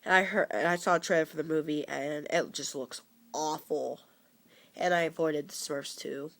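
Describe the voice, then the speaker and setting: A young man in his teens with a cold, rambling casually about movies he likes and dislikes, with frequent halting restarts. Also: on the high side, fairly even intonation, fairly bright tone. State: coming down with a cold. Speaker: vlogger.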